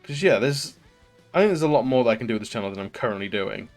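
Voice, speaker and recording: A man's voice: medium pitch, animated, fast, faint music behind. A British man live streaming, chatting casually with viewers and rambling with lots of ums and likes.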